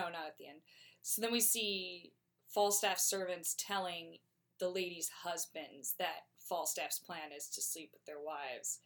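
A woman recapping a plot in an animated, chatty way, with "like" scattered throughout. Her voice sits on the low side for a woman. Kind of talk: casual plot summary.

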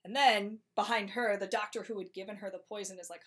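A woman's voice: mid-range voice, steady tone, a bit bright. Woman, podcast co-host, chatty, slangy, casual comic summary. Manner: chatty, slangy, quick asides.

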